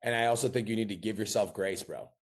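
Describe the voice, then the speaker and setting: A man coaching a client over a video call, talking fast in a blunt, profane pep-talk style. His voice sits low, and he pushes hard with swearing and repetition. The call sound is plain and direct. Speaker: business coach.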